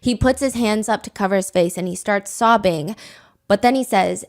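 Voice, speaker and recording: Woman hosting a true crime show, lively storytelling, reads quotes with feeling. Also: mid-range voice, moderate pace. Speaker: podcast host. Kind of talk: true crime podcast narration.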